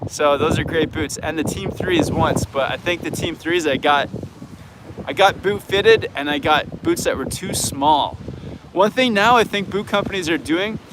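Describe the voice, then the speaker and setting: A man's voice: fairly high pitch, moderate pace, background noise. A man with a Canadian accent hosting a live viewer Q&A, talking in an easygoing, frank way and thinking aloud. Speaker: snowboard coach and channel host.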